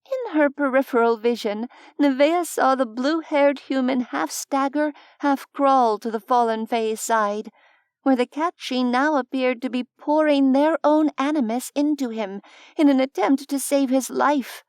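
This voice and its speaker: A woman reading a fantasy audiobook in a measured, expressive narration on a close studio mic. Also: high-pitched, clear, resonant tone, dry recording.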